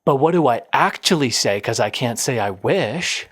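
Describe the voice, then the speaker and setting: A man's voice: medium pitch, expressive, fairly quick. A man in his twenties hosting a podcast, telling a story in a rambling, self-deprecating way that circles back and repeats itself. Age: 20s. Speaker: podcast host. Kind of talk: casual storytelling.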